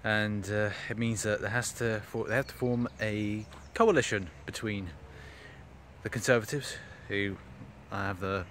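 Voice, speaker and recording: Speaking at a measured pace in a fairly low, slightly bright voice, this English man records a casual phone vlog in a park. He rambles to camera, full of fillers and restarts, with slight background noise.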